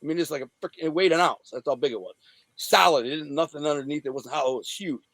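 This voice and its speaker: A man's voice: fairly high pitch, quick pace, a bit bright, no echo. A man from the Detroit area, an interview guest telling a story in profane street slang and acting out the scenes. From Detroit area, USA. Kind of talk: casual storytelling.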